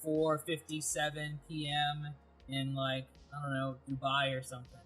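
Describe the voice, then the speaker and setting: Playful husky-voiced male host. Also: a little high, completely flat delivery, moderate pace, fairly bright tone, rough recording. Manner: playful, jokey, goofy asides. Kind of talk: casual interview chat.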